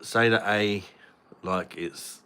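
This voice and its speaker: Reviewing a beer on a relaxed home livestream, this male host sips, jokes, and reads viewer comments aloud in a laid-back way. He speaks slowly in a lowish, steady voice that sounds sharp and clean.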